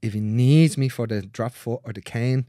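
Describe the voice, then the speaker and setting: A man's voice: medium pitch, moderate pace, warm tone, no echo, clean studio sound. A man working as a manual therapist, telling stories about clients in a casual conversation, blunt and swearing freely as he acts out what people said.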